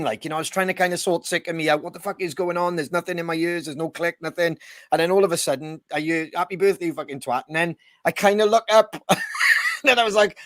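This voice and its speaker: A man talks loosely and at length, swearing and laughing as he goes. His voice sits a little high, and the sound is close and dry with no room around it. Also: a bit bright, no echo. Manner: rambling, swears freely, laughs often. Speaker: band member co-hosting a podcast. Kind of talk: casual chat.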